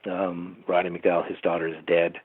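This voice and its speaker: Over a tinny, phone-like line, a man with a low, monotone voice speaks a little fast. He's a TV producer being interviewed, rambling through behind-the-scenes anecdotes and tossing asides to the host.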